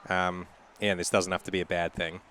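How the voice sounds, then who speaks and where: Deep-voiced relaxed man as a podcast guest. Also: a little fast, a little hiss or hum. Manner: relaxed, laughs easily, thoughtful. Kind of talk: casual conversational interview.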